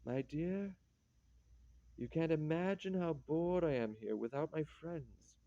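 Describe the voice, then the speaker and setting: Man reading as a sardonic old count, mocking and bitter, a bit high-pitched, mellow tone, dull dry sound. The teasing never lets up. A stage-play nobleman gone sour. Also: unhurried, dry recording.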